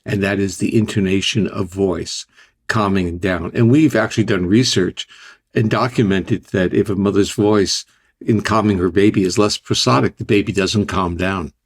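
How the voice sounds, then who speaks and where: An older man, a scientist guest, explaining ideas in a deliberate, conversational way. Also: low-pitched, steady tone, husky. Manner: deliberate, explanatory, restarts phrases.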